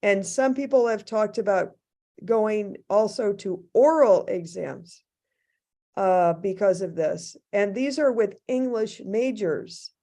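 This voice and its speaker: Woman academic, slow, mellow, thoughtful, halting restarts, video call. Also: mid-range voice. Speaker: faculty panelist. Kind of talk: academic panel discussion.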